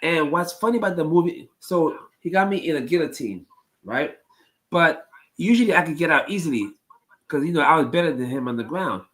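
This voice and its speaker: A man with a somewhat high voice tells stories to his stream chat in a loose, casual way. He rambles, circles back and repeats his phrases, with plenty of ums and restarts. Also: animated, fairly quick, fairly bright tone, rough recording. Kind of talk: casual storytelling to a live chat.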